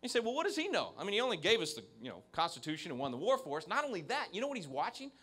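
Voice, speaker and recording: This man races through his keynote in a high-pitched voice with huge pitch swings, a slightly bright sound and a breathy edge. He speaks into a handheld microphone to an evening audience at an event venue, emphatic and prone to restarts.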